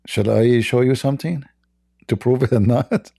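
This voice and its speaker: A man's voice: medium pitch, moderate pace, vocal fry, mellow, slightly rough. A man hosting a debate livestream, blunt and mocking, laughing often as he talks. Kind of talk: casual livestream debate talk.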